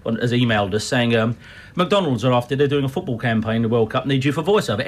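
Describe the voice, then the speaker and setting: A man's voice: medium pitch, fast. A man hosting breakfast radio, chatting and joking with callers and laughing easily. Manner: lively, jokey, laughing banter. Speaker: radio host.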